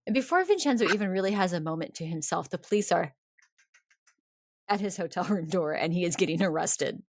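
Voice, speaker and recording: A woman podcast host telling a history story in a casual, animated way, often acting out the people she describes. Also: lowish voice, a little fast, slight background noise.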